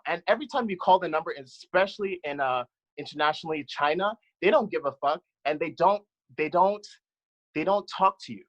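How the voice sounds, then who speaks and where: A man's voice: on the high side, fairly quick, a bit bright, lo-fi sound. A man on a discussion panel telling a personal account in an impassioned, blunt way, swearing freely.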